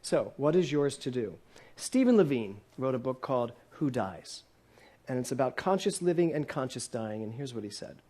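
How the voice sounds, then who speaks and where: A man's voice: medium pitch, animated, moderate pace, warm tone. A man in his sixties giving a sermon to a congregation, posing many questions and joking with the room. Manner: asks the congregation many questions, playful and laughing at times. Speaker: minister. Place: church hall with a congregation.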